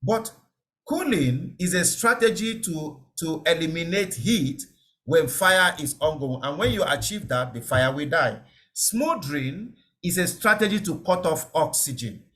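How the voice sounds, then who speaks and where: A man's voice: fairly high pitch, expressive, a little slow, pushed and bright. A man giving an online safety lecture, explaining step by step, repeating key words and checking that listeners understand. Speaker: safety trainer.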